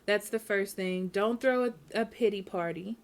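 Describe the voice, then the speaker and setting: A woman's voice: mid-range voice, normal speed. A woman giving a casual tarot reading at home, speaking frankly and repeating herself, often checking in with "okay?". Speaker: tarot reader.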